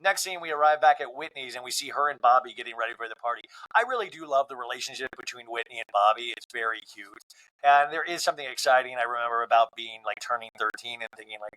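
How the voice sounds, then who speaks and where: A man's voice: mid-range voice, fast talker, pushed and bright, low-quality recording. A man hosting a podcast, recapping a reality show on his own in a playful, joking way and slipping into impressions of the people on it. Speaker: podcast host. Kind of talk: comedic solo recap.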